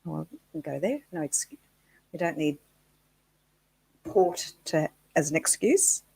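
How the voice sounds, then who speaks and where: A woman co-hosting a casual live chat show, chatty and giggly, thinking out loud. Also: low voice, very animated, unhurried, gravelly, husky, low-quality recording.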